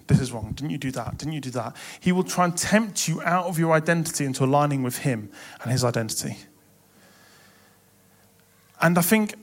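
A young man preaching a sermon in a church, impassioned and building to emphatic swells. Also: medium pitch.

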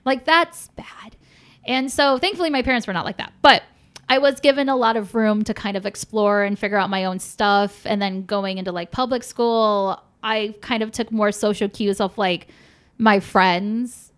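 A woman's voice: medium pitch, steady tone, moderate pace, clear, resonant tone. A young woman chatting casually as a podcast guest, frank and swearing freely, with lots of fillers.

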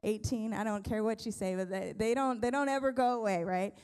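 A woman pastor giving a lively, conversational sermon, joking and restarting her sentences. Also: on the high side, brisk, clear, resonant tone. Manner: lively, conversational preaching with humor and many restarts.

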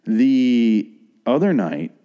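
A man's voice: medium pitch, sing-song, extremely slow, dark tone, clear, resonant tone, dull audio. A man in his thirties hosting a podcast, telling a story in a rambling and profane casual monologue with crude asides. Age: 30s. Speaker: podcast host.

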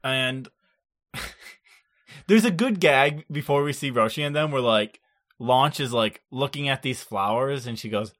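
A man in his own easygoing podcast chat, retelling cartoon scenes with frequent laughter and the odd curse. His voice sits at an ordinary middle pitch, and his delivery is loose and lively. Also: measured pace. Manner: laughs often, animated, swears casually. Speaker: podcast co-host. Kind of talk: casual chat recapping an anime.

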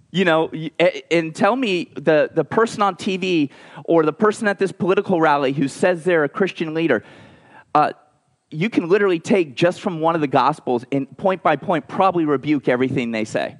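A man preaching a conversational sermon, telling stories with lively asides and frequent restarts. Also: on the high side, brisk. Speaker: pastor.

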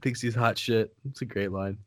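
A man co-hosting a podcast in casual chat, relaxed and wry as he explains references. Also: fairly low pitch, moderate pace, no room sound, clean studio sound. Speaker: podcast co-host.

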